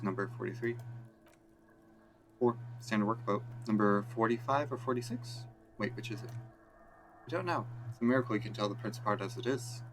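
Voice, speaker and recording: A man's voice: fairly low pitch, a bit bright, slight background noise, rough recording. A man reading a video game's text aloud evenly for a let's play.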